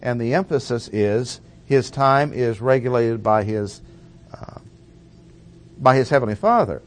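A man preaching a measured expository Bible teaching, stressing and repeating key phrases. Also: medium pitch, animated.

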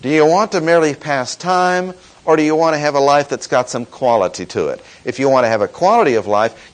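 Man, sermon, measured emphatic teaching, pitch rising and falling a lot. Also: poor audio. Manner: measured, emphatic teaching with slow stresses on key words. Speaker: preacher. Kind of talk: expository sermon.

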